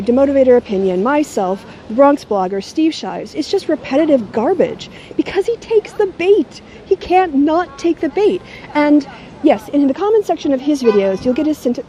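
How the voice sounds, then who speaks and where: A woman's voice: high voice, mellow. A middle-aged woman talking casually and sardonically to a handheld camera she holds at arm's length. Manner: sardonic, mocking. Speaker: YouTuber. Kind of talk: casual talking-head vlog.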